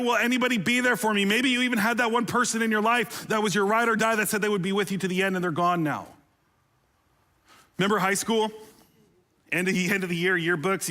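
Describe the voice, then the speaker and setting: A man's voice: high voice, pushed and bright. A man preaching a sermon as pastor, conversational and humorous, with playful asides and rising intensity on emotional appeals.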